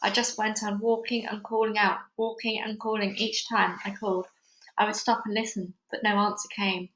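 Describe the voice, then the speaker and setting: In an echoey room of her busy house, a woman narrates a children's book for a read-along, chatting casually between chapters. Her medium-pitched voice is a bit bright, with a flat delivery at a moderate pace, and a little hiss or hum sits underneath.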